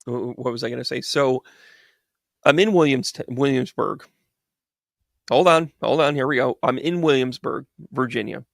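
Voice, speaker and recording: A man's voice: mid-range voice, normal speed, gravelly, pauses often, no room sound, studio quality. A man and podcast host telling a casual, rambling story full of digressions and restarts, often laughing at himself. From United States.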